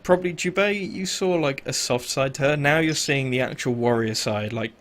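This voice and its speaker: Casting: male game master, mid-pitched, loose conversational narration with ums. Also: a bit bright, a little hiss or hum. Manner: casual, filler-heavy narration with quick voiced asides.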